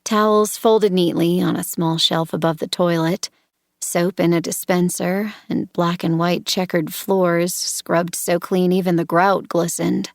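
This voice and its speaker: Brief: woman reading a first-person audiobook, low and gravelly, tense, measured delivery. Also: level tone, no echo, studio quality. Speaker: audiobook narrator.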